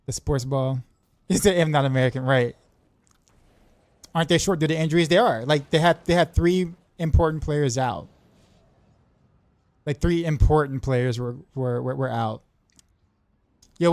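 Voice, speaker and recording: A man streaming a game, chatting casually with viewers in an excitable, rambling way, often tripping over his words and restarting sentences. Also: on the high side, moderate pace, pauses often, dry recording. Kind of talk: casual livestream chat.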